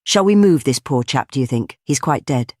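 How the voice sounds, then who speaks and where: Reader doing a gruff, emphatic male doctor, impatient, audiobook, middle pitch. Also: lively intonation, moderate pace, a little mellow, no room sound, clean studio sound, close to an everyday voice. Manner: growling, emphatic. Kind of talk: audiobook dialogue.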